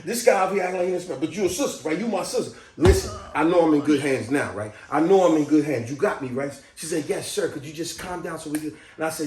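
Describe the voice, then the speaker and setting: Lively man telling a wild story. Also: fast talker, few pauses. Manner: lively, laughing, jumps into high excited voice when quoting himself. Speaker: video creator telling a personal story. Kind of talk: animated storytelling, acting out his own loud outbursts. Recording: roomy echo, from off the mic.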